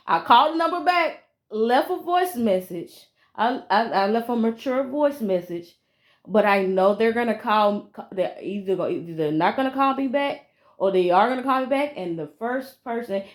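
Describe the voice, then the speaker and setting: A woman's voice: mid-range voice, a little mellow. A woman, venting emphatically to a phone camera in a casual vlog and repeating herself. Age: 30s. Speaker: vlogger.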